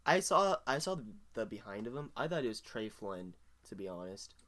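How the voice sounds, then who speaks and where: Teen dude cohost, super lively voice going up and down, chatty and upbeat. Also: male voice, on the low side, a little fast. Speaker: podcast co-host. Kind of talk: casual chat.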